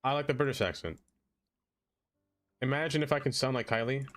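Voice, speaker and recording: A man's voice: mid-range voice, brisk, a bit bright. A man streaming a game, chatting casually, laughing often and talking to the objects he builds. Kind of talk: casual live-stream chat.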